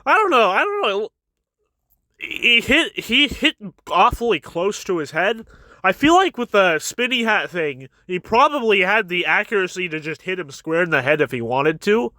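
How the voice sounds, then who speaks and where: A man talks through a chapter in an excitable, casual review, stumbling over repeated words as he goes. His voice is high and bright. The recording is dry and close to the mic. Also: moderate pace, no room sound. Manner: stammering restarts, chuckling, excitable.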